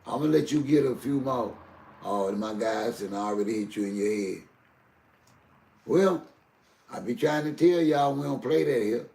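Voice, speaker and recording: An older man hosting a live stream. His voice is gravelly and grainy, and it bounces around an echoey room. He talks to his chat in a heated, preachy way. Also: medium pitch, expressive, normal speed, long pauses, warm tone. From Southern US. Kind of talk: emotional live stream talk.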